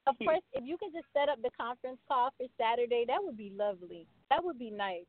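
A woman's voice: a little high, lively intonation, fast, dry recording. A woman calling in as a guest on a radio talk show, blunt and bossy in a joking way. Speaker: guest caller. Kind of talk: casual phone chat. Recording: tinny phone line with crowd noise.

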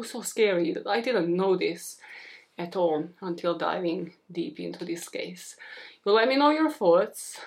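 A woman's voice: a little high, a little mellow. A young woman hosting a true-crime podcast, talking casually in a chatty, rambling way with self-deprecating asides.

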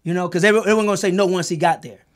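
High-voiced man telling a heated story. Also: steady tone, racing. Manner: emphatic, repeats words and restarts, swears freely. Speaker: documentary creator and executive producer. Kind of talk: heated storytelling in a group conversation.

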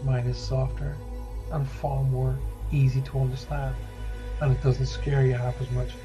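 Irish guy rambling on a livestream, mid pitch, chatty, reassuring, faint music somewhere behind. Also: little pitch movement, moderate pace, poor audio. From Ireland. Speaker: psychic medium and livestream host. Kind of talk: casual livestream chat reading viewer comments.

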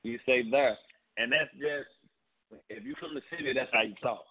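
A man's voice: medium pitch, huge pitch swings, normal speed, vocal fry. Male rapper guest, St. Louis accent, easygoing rambling phone interview. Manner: laid-back, rambling with repeats. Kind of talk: casual interview. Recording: tinny phone line.

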